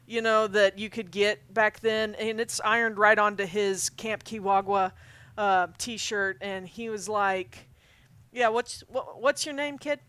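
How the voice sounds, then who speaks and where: A man's voice: high voice, bright, forceful tone, smooth, no echo. A man running a tabletop game as game master, narrating scenes in a rambling, chatty way and laughing often.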